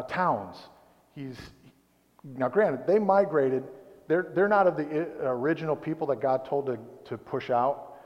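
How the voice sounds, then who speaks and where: A man preaching a sermon in a rambling, conversational way, often breaking off and restarting his sentences. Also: mid-range voice. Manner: rambling, conversational, self-interrupting. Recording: dull recording in a reverberant hall.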